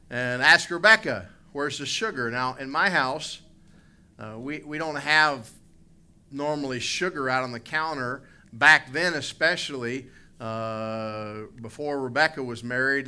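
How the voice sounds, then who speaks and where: A middle-aged pastor with a Southern US accent, preaching a sermon with humorous stories that build into emphatic points. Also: male voice, medium pitch, pushed and bright.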